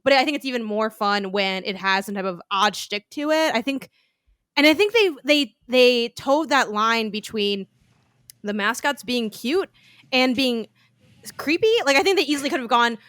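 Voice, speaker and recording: A woman co-hosting a gaming podcast, chatting in an animated, rambling way. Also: on the high side, normal speed, no echo, clean studio sound. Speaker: podcast co-host. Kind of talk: casual chat.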